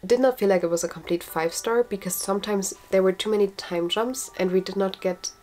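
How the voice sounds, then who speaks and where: A woman's voice: mid-range voice, steady tone, brisk, a little mellow. A woman chatting enthusiastically as she reviews the books she has read. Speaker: book vlogger. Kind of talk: casual book review.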